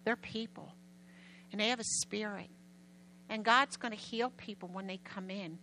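A woman preaches to her church in an animated, emphatic storytelling manner, often raising her voice. Her tone is bright and forceful, in a mid pitch for a woman. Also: normal speed, slight background noise, low-quality recording. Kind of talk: sermon storytelling.

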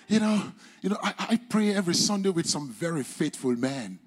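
A man preaching a sermon in English with a non-native accent, using formal, old-fashioned wording and swinging between loud, high exclamations and quiet, low drops. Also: lively intonation, a little fast, hardly any pauses. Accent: non-native English accent, speaker's own mention. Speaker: pastor.

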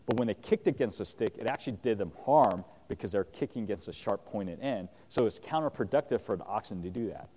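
A man teaching a Bible passage, reading verses aloud and explaining them in a relaxed, conversational way with frequent fillers. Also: lowish voice. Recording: long hall reverb.

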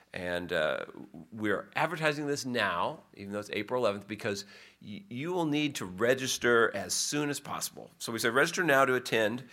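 A man reads out church announcements from the pulpit. His voice sits a little low but sounds bright and forceful. He talks in a folksy, conversational way and turns aside now and then to people in the pews. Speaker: pastor giving church announcements.

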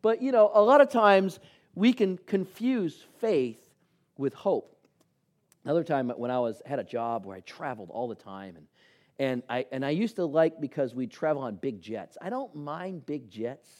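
Animated preacher telling stories. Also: male voice, on the high side, moderate pace. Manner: animated storyteller acting out dialogue. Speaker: pastor. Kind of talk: sermon with personal stories.

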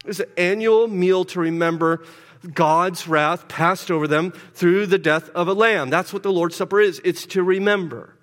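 A man preaching a sermon in a church, often repeating words as he swings between loud urgency and hushed intensity. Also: high-pitched, moderate pace. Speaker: pastor. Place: church sanctuary. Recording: long hall reverb.

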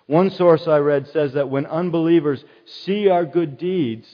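An earnest middle-aged man preaches in a relaxed, conversational way and keeps circling back to his key phrases. His voice sits a little higher than most men's. The sound is slightly muffled and rings with the long reverb of a large hall. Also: measured pace. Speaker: pastor. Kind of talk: sermon.

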